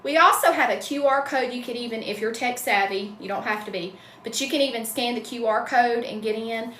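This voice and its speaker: A woman's voice: a little high, fairly quick, fairly bright tone, echoey room, slight background noise. A middle-aged woman from North Carolina with a Southern accent, chatting casually on a livestream and greeting viewers by name. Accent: Southern American. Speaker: wreath-making livestream host.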